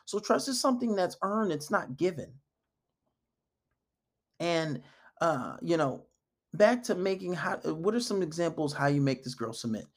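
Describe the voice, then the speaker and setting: A man's voice: a little high, very animated, moderate pace, pauses often. Blunt, emphatic male dating coach. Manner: blunt, emphatic, often acts out quoted dialogue. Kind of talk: casual advice monologue.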